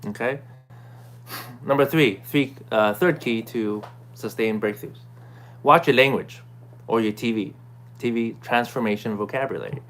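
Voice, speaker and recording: Male vlogger, casual self-help recap, conversational, frequent "right?" and throat clearing. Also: mid-range voice, a bit bright. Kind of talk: casual talking-to-camera recap.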